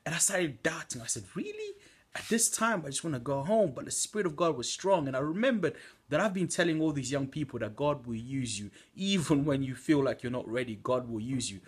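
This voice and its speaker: A man's voice: medium pitch, animated, a little fast, breathy edge. A young man giving an earnest preaching testimony from home at night, exhorting listeners with fillers. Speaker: church member giving a testimony.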